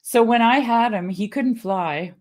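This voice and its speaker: A middle-aged woman, a guest, telling stories in a casual, animated way, often laughing and acting out what others said. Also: unhurried. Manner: animated, laughing storyteller who acts out quotes in a varied pitch. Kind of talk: casual conversational storytelling.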